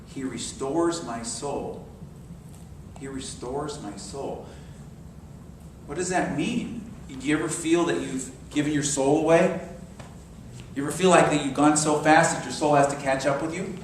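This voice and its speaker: A man in his sixties preaching a sermon, telling stories and dropping to soft meditative tones. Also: fairly high pitch, a little fast, a little hiss or hum. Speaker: minister. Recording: very echoey hall, mic far off.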